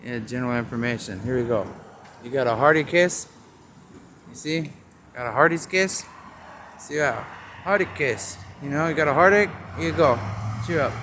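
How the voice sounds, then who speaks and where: A man's voice: medium pitch, brisk, a bit bright. A man rambling outdoors in a free-associating monologue, riffing on store signs and making puns as he goes. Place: outdoors on a town street. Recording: faint street noise outdoors.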